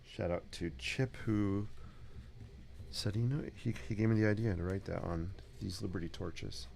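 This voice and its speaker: A man's voice: lowish voice, normal speed, vocal fry, darkish tone. A man chatting casually with viewers during a live sketching stream in his home studio, upbeat and talkative. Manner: chatty, upbeat, talks to viewers while drawing. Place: home art studio with a 3D printer running. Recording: faint machine noise behind.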